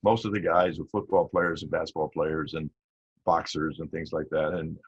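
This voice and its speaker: Halting older man, deep husky voice. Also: level tone, dry recording. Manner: rambling, halting, with many fillers and restarts. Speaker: interview guest, retired police captain. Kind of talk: casual storytelling interview. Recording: dull lo-fi audio.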